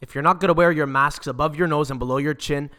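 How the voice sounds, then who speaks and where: A man's voice: on the high side, steady tone, fast, pushed and bright. A man imitating a stern, commanding female flight attendant who scolds passengers. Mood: bossy.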